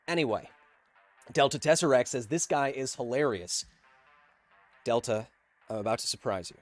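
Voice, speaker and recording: A man's voice: medium pitch, animated, moderate pace, long pauses, soft background music. A man hosting a casual livestream, reading out viewer donations and answering them with playful, self-mocking jokes.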